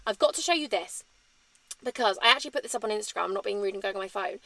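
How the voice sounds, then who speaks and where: A woman's voice: mid-range voice, racing, vocal fry, sharp tone, dry recording. A woman, chatting candidly in a rambling, emotional sit-down vlog. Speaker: vlogger.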